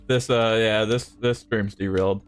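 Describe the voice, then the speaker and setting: A man bantering playfully on a livestream, teasing and quick to joke. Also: on the low side, steady tone, soft background music.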